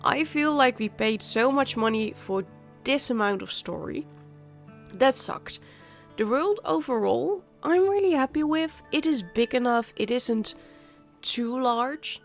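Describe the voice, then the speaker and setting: A woman's voice: high voice, animated, measured pace, faint music behind. A woman hosting a gaming channel, talking through a game in a chatty, candid way while nursing a sore throat. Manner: chatty, candid, muttering asides. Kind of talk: casual let's-play commentary.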